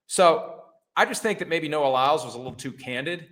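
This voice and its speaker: A man's voice: a little high, a little fast, sharp tone. A middle-aged man hosting a sports talk show, giving blunt, sarcastic opinions with casual swearing. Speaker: host.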